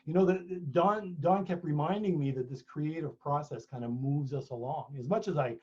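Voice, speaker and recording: A man's voice: on the high side, normal speed, darkish tone, breathy edge, lo-fi sound. A middle-aged man talking casually at a book launch, telling stories with many restarts. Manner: chatty storyteller, many restarts. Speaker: author and speaker. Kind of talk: conversational talk at a book launch.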